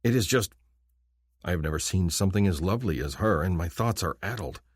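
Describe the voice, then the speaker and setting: Deep, expressive male audiobook narrator. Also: brisk, breathy edge, no room sound, studio quality. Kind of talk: first-person romance audiobook narration.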